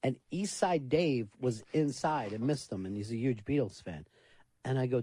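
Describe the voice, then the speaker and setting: A man's voice: mid-range voice, a little fast, dry recording. Profane man telling studio anecdotes. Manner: profane, animated anecdote teller. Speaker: radio show host. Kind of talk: casual radio storytelling. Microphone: studio microphone.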